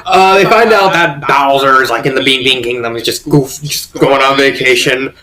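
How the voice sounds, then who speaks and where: A man's voice: mid-range voice, normal speed, sharp tone, poor audio. A man casually reviewing a fanfiction story, rambling and giggling as he goes, with bursts of put-on voices.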